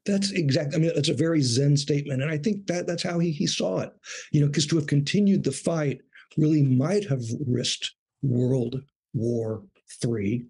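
Husky-voiced man recalling his reporting years. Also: fairly high pitch, darkish tone. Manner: measured, thoughtful, with small restarts. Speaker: guest, former foreign correspondent. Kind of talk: reflective interview talk.

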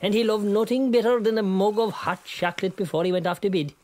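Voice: medium pitch, fast, darkish tone, lightly acted. Someone doing a boastful fisherman. He spins rambling tall tales in an easy, chatty way. It is played for comedy. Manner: rambling yarn-spinning, bursts into song. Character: boastful Kerry fisherman, tall-tale teller.

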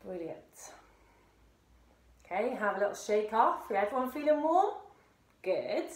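High, upbeat woman leading exercise. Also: big pitch swings, a little slow. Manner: encouraging, with cheery whoops. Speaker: fitness instructor. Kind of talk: leading a seated exercise warm-up. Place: indoor room, seated on a chair. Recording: echoey room.

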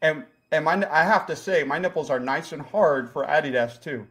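A man voicing a clueless, crude visitor from Jacksonville with a put-on Jacksonville drawl and a halting, naive delivery. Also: fairly high pitch, fairly bright tone, close to an everyday voice. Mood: naive, earnest. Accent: put-on Jacksonville, Florida.

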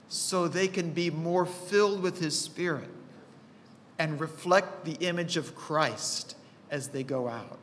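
A man preaches a sermon in a high, bright voice and a slow, measured pace. He tells stories and lifts his pitch to act out the voices in them. The recording carries a long reverb from the church auditorium. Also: expressive. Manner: storytelling, acts out quoted voices with rising pitch. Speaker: pastor.

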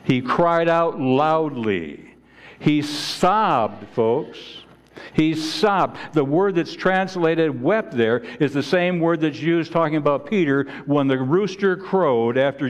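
A man preaching a sermon as pastor in a church, earnest and halting, often restarting and repeating words. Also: on the high side. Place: church sanctuary.

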